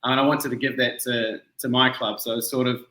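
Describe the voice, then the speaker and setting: A man in his thirties with a mixed New Zealand and Malaysian accent appears as an event-founder guest in a casual video-call interview, relaxed, laughing easily, and using friendly slang. His medium-pitched voice is a little fast, on a reverberant, rough recording.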